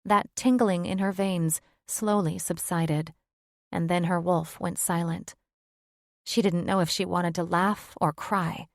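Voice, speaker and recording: A woman giving steady, scripted narration of a fantasy romance audiobook. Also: fairly low pitch, slow pace, dry recording, clean studio sound.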